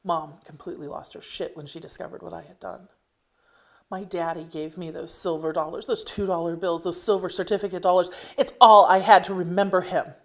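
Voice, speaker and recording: Woman reading her memoir, slightly low voice. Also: steady tone, fairly quick. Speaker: author reading her own story. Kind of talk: reading a personal memoir aloud.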